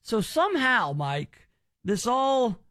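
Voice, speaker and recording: A man's voice: extremely high pitch, big pitch swings, slow pace, pushed and bright, dry recording. A man hosting a call-in radio show, rambling and teasing with lots of restarts. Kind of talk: joking call-in radio banter.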